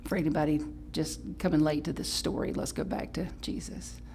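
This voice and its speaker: A woman pastor preaching a Sunday sermon in a chatty, playful way, breaking into sudden high exclamations and correcting herself as she goes. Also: steady tone, a little fast, darkish tone, slight background noise. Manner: chatty, with restarts and self-correction. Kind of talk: live-streamed Sunday sermon.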